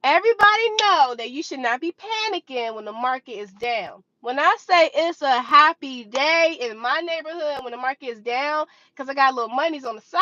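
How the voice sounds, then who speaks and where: A young woman in her twenties tells her story to the camera in a high, bright voice that swoops up and down. She talks casually and acts out her own reactions with drama. The recording is dry and a little dull. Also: very animated, normal speed, dry recording. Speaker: vlogger sharing stock trading experience.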